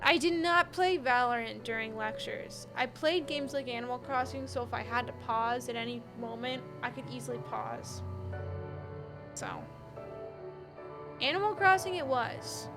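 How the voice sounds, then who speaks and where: Young woman game streamer, high voice, tired and chatty, giggles a lot. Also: moderate pace, music in the background. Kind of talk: casual live-stream chat.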